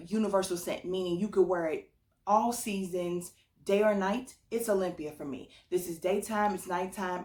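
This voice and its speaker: Chatty woman, low voice, echoey room. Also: a little mellow. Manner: chatty, enthusiastic, says "like" often. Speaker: perfume channel host. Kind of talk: casual chatty review vlog. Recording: echoey room, mic at a distance.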